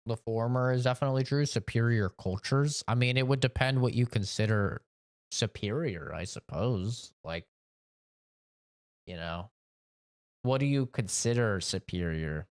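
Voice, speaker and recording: A man's voice: mid-range voice, unhurried, smooth. Rambling man streaming a game. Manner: rambling and opinionated, fillers like "you know", swears. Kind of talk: casual chat while streaming a game.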